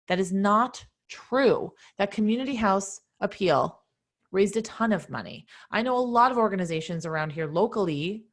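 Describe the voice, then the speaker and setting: A middle-aged woman answering questions in live online office hours, direct and energetic like a coach. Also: fairly low pitch. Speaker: nonprofit fundraising consultant.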